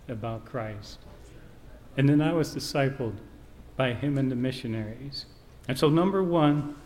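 A man's voice: mid-range voice, a little mellow. A man preaching a sermon, telling a family story and quoting scripture in an earnest way. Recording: reverberant hall, faint background noise.

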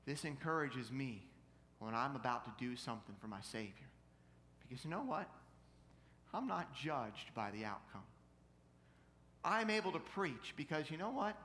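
Male preacher, high bright voice, reverberant church hall, faint rumble. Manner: storytelling preacher who builds to shouting peaks. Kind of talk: sermon.

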